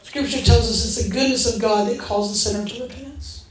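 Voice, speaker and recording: A woman's voice: on the high side, a little fast, slight background noise. A woman preaching a sermon, telling stories and acting out the voices in them. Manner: animated storytelling, acting out quoted voices. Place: church hall. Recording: echoey room.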